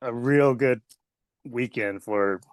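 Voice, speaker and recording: A man's voice: medium pitch, slow pace, no echo. A man telling a rambling story in a casual interview, laughing often between lines. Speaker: interview guest, pro wrestler.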